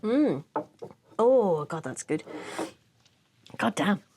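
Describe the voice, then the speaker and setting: A woman with an Irish accent, co-hosting a podcast in casual chat, giggly and expressive. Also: mid-range voice, extremely slow, a little hiss or hum. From Ireland. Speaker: podcast co-host.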